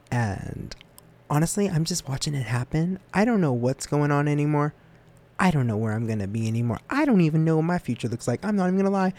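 A young man talks through a casual solo podcast episode in a loose, rambling way. He teases himself and often jumps up high in pitch, then drops back to his middle-range voice. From United States. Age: young adult. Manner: rambling and self-deprecating, with lively jumps in pitch. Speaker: student podcast host.

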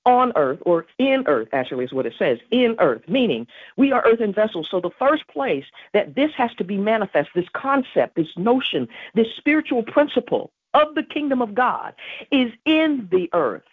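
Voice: medium pitch, big pitch swings, moderate pace, husky, no echo. A podcast host giving an emphatic devotional teaching on prayer, repeating key phrases. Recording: tinny phone-like dry recording.

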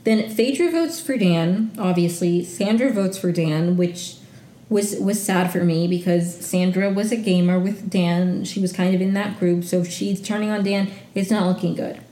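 A woman's voice: fairly low pitch, normal speed, warm tone, echoey room. A woman hosting a podcast, chatting casually and gushing, peppered with "like". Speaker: podcast host recapping reality TV. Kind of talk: casual solo recap.

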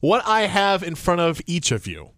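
A man's voice: high voice, big pitch swings, normal speed, fairly bright tone, no echo. A man hosting a morning radio show in a studio, leading an upbeat segment. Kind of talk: radio host banter.

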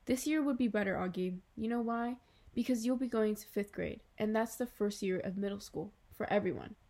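A woman voices a patient mother in a storybook reading, soft-spoken and reassuring. She coaxes rather than pushes, in an even, warm-toned read. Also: medium pitch, brisk, close to an everyday voice. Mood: coaxing. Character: patient gentle middle-aged mother.

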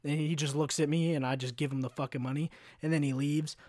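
Young male podcast host, fairly high voice, dry close mic, swears freely and vents about work. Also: steady tone, fast, darkish tone, no room sound. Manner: profane, exasperated ranting with acted-out quotes. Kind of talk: casual storytelling monologue. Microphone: podcast mic, no camera.

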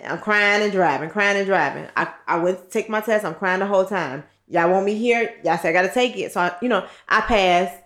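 A woman's voice: mid-range voice, a little fast, hardly any pauses, a bit bright. Blunt, foul-mouthed woman telling a story. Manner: candid and blunt, swears freely, acts out what others said. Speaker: podcast co-host. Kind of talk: casual podcast storytelling. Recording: roomy echo.

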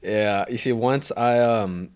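A slow-paced young man with a medium-pitched voice that's clear, resonant, and a little mellow chats casually as a podcast co-host. His story rambles, he swears often, and he trails off on tangents.

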